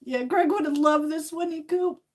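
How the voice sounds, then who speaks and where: A woman's voice: sits high, moderate pace. A woman in her sixties chatting on a casual live stream, emotional and tearful, swinging between laughter and tears, with many fillers. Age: 60s.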